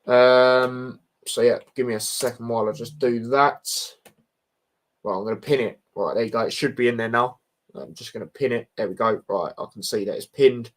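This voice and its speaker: A young man hosts a casual football livestream from his home setup. He talks at an ordinary pitch in a relaxed, bantering way, dropping in plenty of fillers as he reads viewer comments. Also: moderate pace. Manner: laid-back, banter-heavy, frequent fillers like mate and bro.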